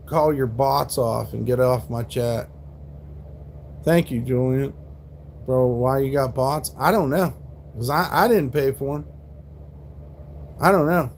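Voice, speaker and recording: A man's voice: mid-range voice, slow, long pauses, a little mellow, slight background noise. A man in his forties, live streaming and arguing with trolls in chat, combative and full of profanity. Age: 40s.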